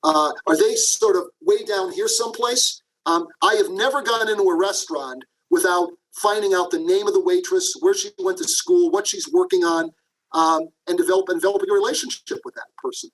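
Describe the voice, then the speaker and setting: Middle-aged man, high-pitched, animated interview guest who acts out his anecdotes. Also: a little fast, low-quality recording. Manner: animated, acts out quotes, frequent "okay?" asides. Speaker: guest, leadership professor. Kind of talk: podcast interview, storytelling.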